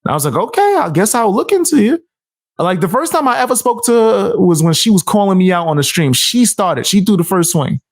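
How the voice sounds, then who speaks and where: A man's voice: sits high, expressive, fairly quick, few pauses. Brash, self-assured man hosting a chat. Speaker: host. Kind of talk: casual interview chat.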